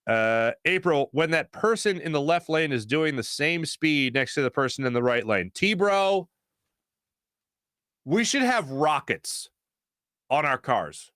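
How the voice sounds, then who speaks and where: A man hosting a casual talk show, rambling through stories with many fillers and animated asides. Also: a little high, measured pace, no room sound, studio quality. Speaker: show host.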